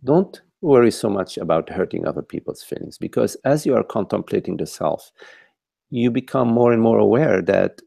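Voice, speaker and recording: Gravelly, dark-voiced man teaching slowly. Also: on the low side, animated, dry recording. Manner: searching, repeats and restarts phrases. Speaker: spiritual teacher. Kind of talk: contemplative dialogue over a call.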